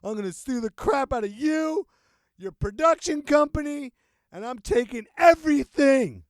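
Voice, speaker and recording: A man putting on the voice of an indignant person who threatens to sue over any touch, in a shrill, outraged, emphatic way. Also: expressive, normal speed, no echo, studio quality. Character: indignant sue-happy adult, quick to threaten lawsuits.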